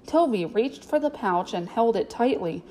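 A woman narrating a storybook in a steady, clear way. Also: a little high, moderate pace, rough recording. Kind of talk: storybook reading.

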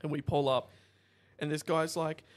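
Aussie male co-host, fairly high voice, animated yarn-spinner, casual chat. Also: moderate pace. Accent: Australian. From Australia. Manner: animated storyteller, shouts out quoted lines. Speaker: podcast co-host.

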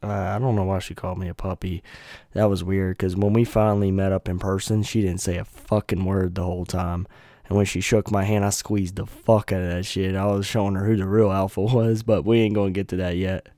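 A man with a very low voice hosts his podcast from a dry, close setting. He tells his story casually and sarcastically, shrugging things off. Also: flat delivery, a little fast, mellow, no echo. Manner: casual, sarcastic, swearing, laughs it off. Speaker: podcast host.

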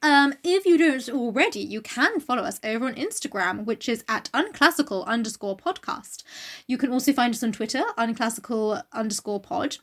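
A woman's voice: fairly high pitch, lively intonation, normal speed. A woman co-hosting a podcast, joking and swearing in casual chat. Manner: jokey, swears, does silly voices. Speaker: podcast co-host.

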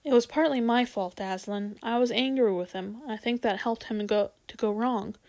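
A woman voicing an earnest boy, the eldest sibling trying to be brave, in a storybook reading, speaking in a hushed, earnest way. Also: fairly high pitch, normal speed, lightly acted.

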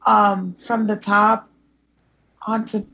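A woman co-hosting a casual wrestling chat, giving her opinions in a measured, matter-of-fact way. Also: medium pitch, little pitch movement, bright, forceful tone, husky.

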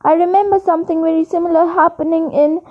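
A woman voicing a boastful, vain man in a storybook reading, speaking a bit faster and higher than her narration. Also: steady tone, narrow, tinny audio. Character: boastful vain man, quick show-off talker.

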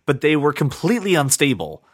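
A man hosting a casual podcast, rambling and repeating words when he gets excited. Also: fairly high pitch, brisk, dry recording, studio quality. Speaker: podcast host.

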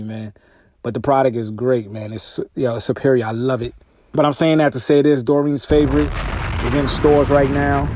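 Male podcast host, mid-range voice, dry close-mic sound, animated profane storytelling. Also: no room sound. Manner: animated storytelling, swearing, voice jumps high when exasperated. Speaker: podcast host and music artist. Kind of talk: casual solo podcast monologue. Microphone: podcast microphone through a mixer.

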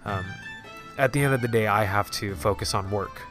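A man hosting a casual solo podcast with a stuffy nose, talking in a halting way with lots of restarts. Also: fairly low pitch, music in the background. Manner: halting, many fillers and restarts. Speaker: podcast host.

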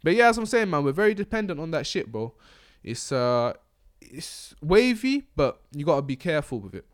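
A man's voice: on the high side, very animated, normal speed. Slangy young man, rambling. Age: young adult. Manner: slangy, rambling, laughs often. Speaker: podcast host. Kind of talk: casual chat.

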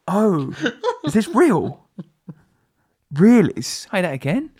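Young British male co-host, husky voice, lively reactions, banter. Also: sits high. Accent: British English. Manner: reacts with quick questions and laughs. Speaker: podcast co-host. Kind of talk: casual banter.

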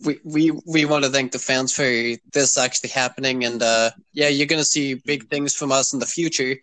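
A man's voice: medium pitch, steady tone, a little fast, a bit bright, no room sound, rough recording. Rambling young man hosting a podcast. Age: 20s. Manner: rambling, filler-heavy, often asks "you know what I mean". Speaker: podcast host. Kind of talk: casual podcast chat.

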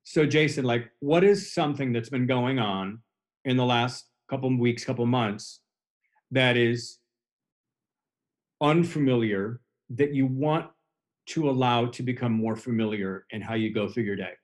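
A man in the host's chair who coaches more than he chats. He talks earnestly at a mid pitch and loops back over his own phrases to press a point home. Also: unhurried. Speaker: host. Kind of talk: recovery podcast conversation.

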